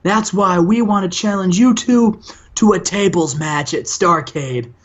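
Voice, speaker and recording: Fired-up young male wrestler, voiced by a man, raised pitch, challenging, dull lo-fi audio. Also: measured pace.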